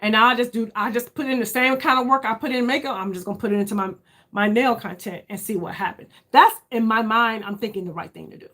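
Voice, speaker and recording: A woman's voice: fairly high pitch, quick pace, fairly bright tone. Candid woman in her fifties chatting. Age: 50s. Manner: candid, searching, talks straight to viewers with lots of "y'all". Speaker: YouTube beauty creator. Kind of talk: casual live chat with viewers.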